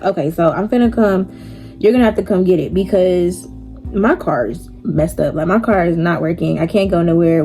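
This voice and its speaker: A woman's voice: lowish voice, mellow. A young woman telling a story casually while doing her makeup, chatty and slangy, laughing often. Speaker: vlogger.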